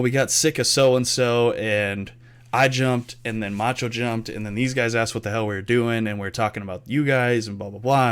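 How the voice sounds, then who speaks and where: A young man hosting a casual podcast, telling gaming stories with loose swearing and acted-out quotes. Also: mid-range voice. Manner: animated storyteller, swears freely, acts out quotes. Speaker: podcast host. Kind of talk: casual storytelling chat.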